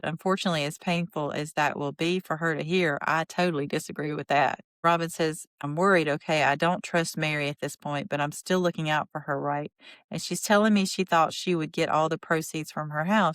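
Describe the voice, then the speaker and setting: A woman podcaster gives sarcastic, opinionated commentary on a reality show, and her low-pitched voice bursts into exasperation. She rattles off quotes at a quick clip. The sound is dry and close, with no room echo. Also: fairly even intonation, a bit bright, smooth. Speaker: podcast host.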